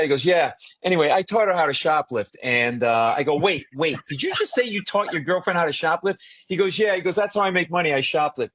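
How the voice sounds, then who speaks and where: A man tells a story in an animated, joking voice that sits a bit higher than most men's. He talks casually as a guest comedian. The sound is dull and lo-fi, like a remote feed. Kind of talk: casual chat. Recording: muffled remote audio.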